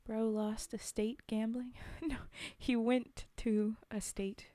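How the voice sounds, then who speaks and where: Chatty woman streamer, mellow voice. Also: fairly high pitch, little pitch movement, takes it slowly, no room sound. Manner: chatty, giggly asides, many ums. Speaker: streamer reading poetry. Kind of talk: casual chat between poems.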